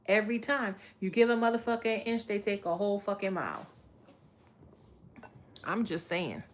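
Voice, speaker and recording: A woman doing a live tarot reading, speaking. She is blunt and profane, talking to viewers in a streetwise, no-nonsense way. Her voice sits at a middle pitch. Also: normal speed. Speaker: tarot reader.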